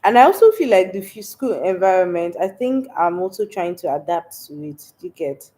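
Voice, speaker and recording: A woman's voice: on the low side, big pitch swings, a little fast, dark tone. A young Nigerian woman with a stuffy, congested voice from a cold, chatting casually on a livestream and laughing often. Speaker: livestream host. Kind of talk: casual livestream chat reading comments.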